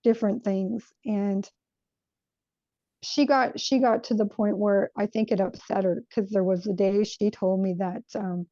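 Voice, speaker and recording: A woman recounting a spiritual experience from her childhood in an earnest, reflective way, often pausing to search for words. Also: mid-range voice, fairly even intonation, mellow, no room sound, dull audio. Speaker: guest sharing a spiritual experience. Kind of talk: personal storytelling.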